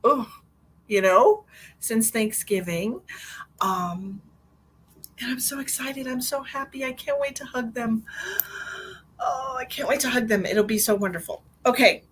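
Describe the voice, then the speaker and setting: A woman's voice: fairly high pitch, a little slow, long pauses, a bit bright, slight background noise. A middle-aged woman hosting a live stream as a psychic medium, chatting in a rambling, bubbly way and laughing often. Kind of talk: casual live-stream chat.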